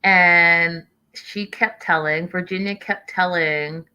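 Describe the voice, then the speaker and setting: Chatty woman hosting a bright recap stream. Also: lowish voice, fairly even intonation, takes it slowly, clear, resonant tone, lo-fi sound. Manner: chatty, reads out live chat messages. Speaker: host of a reality TV recap show. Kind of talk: casual live-stream recap with chat reading.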